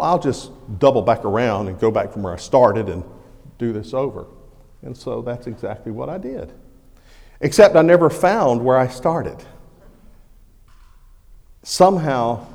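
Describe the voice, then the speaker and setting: A middle-aged man, preaching a sermon as a pastor and telling a personal story in a folksy, animated way. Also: medium pitch. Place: church sanctuary. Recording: long hall reverb.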